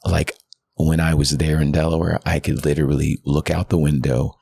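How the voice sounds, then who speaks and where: A pastor in his thirties speaks with an exceptionally deep voice that has a heavy fry. The tone is husky and rough around the edges. He tells his story earnestly and from the heart, on a podcast mic. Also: little pitch movement, normal speed, dark tone. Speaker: guest pastor. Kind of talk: candid personal testimony.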